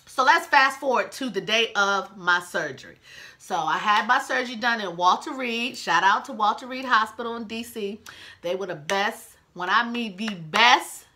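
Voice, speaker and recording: A woman's voice: fairly high pitch, bright, forceful tone. A woman in her twenties telling an emotional personal story to her viewers in a chatty, casual vlog. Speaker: vlogger.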